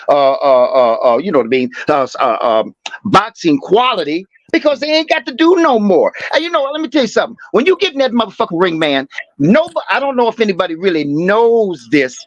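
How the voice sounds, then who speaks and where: A man's voice: high voice, fairly bright tone, dry recording. Emphatic rambling man, wide-swinging voice. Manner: rambling, emphatic, profane, many "uh" fillers. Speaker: boxing podcast co-host. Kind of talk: heated casual boxing talk. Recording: dry, slightly dull sound.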